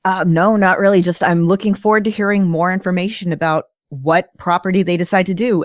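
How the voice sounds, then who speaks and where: A woman co-hosting a fan podcast, chatting in an animated, enthusiastic way. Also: fairly low pitch, fairly quick, no room sound, studio quality. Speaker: podcast co-host. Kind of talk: casual podcast chat.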